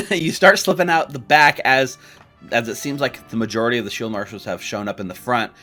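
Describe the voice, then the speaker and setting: A man's voice: mid-range voice, fairly quick, faint music behind. A man running a tabletop role-playing game, narrating the scene with frequent fillers and restarts. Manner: relaxed, hesitant narration with fillers. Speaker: game master.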